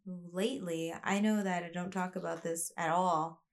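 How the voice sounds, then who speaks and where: A woman's voice: fairly low pitch, steady tone, moderate pace. A woman talking in a rambling, candid way, as a vlogger sharing a personal rant. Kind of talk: casual confessional monologue.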